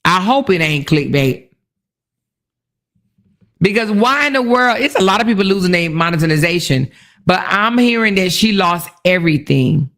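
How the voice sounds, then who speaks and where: A woman's voice: fairly low pitch, animated, moderate pace, fairly bright tone. A woman hosting a casual livestream commentary, chatty, laughing often and reading comments aloud. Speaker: commentary host.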